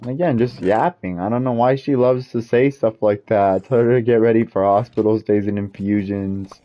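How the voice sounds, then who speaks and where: A man's voice: fairly low pitch, fairly even intonation, moderate pace, lo-fi sound. A man streaming a game while venting in a frustrated, repetitive rant. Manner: frustrated ranting, repetitive, swears mildly. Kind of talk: casual gaming stream rant.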